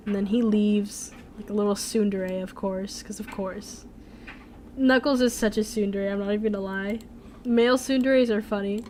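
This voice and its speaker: A woman's voice: medium pitch, darkish tone, a little hiss or hum. Rambling young woman streamer. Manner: rambling, full of "like" and "um". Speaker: streamer, animator. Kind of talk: casual live-stream chat.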